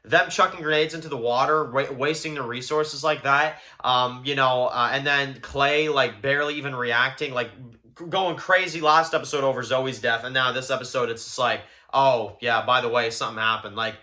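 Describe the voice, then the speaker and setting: A man's voice: medium pitch, normal speed, bright, forceful tone. A young man giving a casual, rambling review of a show's episodes, full of fillers and exasperated gripes. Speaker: show reviewer.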